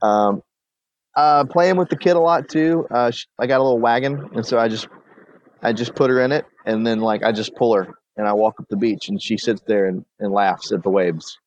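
A man's voice: mid-range voice, normal speed, a little mellow, no echo, lo-fi sound. A young man chats on a podcast, wandering through his stories with lots of restarts. His voice sits in a middle range and the sound is dry and close. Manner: laid-back, rambling storyteller. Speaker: podcast co-host. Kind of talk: casual podcast chat.

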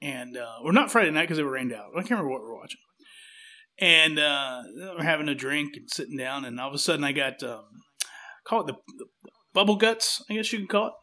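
A man with a high, bright voice spins a rambling, self-deprecating story on a casual podcast. He keeps acting out little quoted lines as he goes. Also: animated, fast.

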